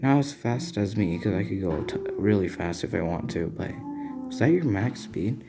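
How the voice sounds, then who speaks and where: A man's voice: fairly low pitch, expressive, moderate pace, vocal fry. A man voicing a blunt, confident young frog-like girl, with guitar music behind him.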